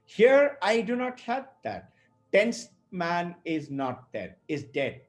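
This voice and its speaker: A man's voice: high-pitched, big pitch swings, slow. A man teaching scripture, telling stories and acting out the people in them. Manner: storytelling, acts out quoted speakers. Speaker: spiritual teacher. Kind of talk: explanatory talk on scripture.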